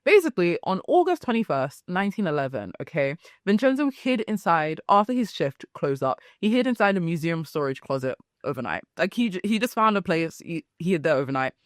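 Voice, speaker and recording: A young woman hosting a solo podcast, telling stories in a chatty, animated way with frequent asides. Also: on the low side, a little fast, hardly any pauses, no echo, clean studio sound. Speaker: podcast host. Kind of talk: casual solo podcast chat.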